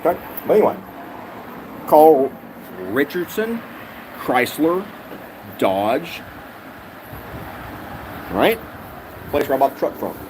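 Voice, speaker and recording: A man's voice: fairly high pitch, slow, pauses often, background noise. A man vlogger telling a rant-style story with heavy swearing and a lot of repetition. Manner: animated, profane, repeats himself.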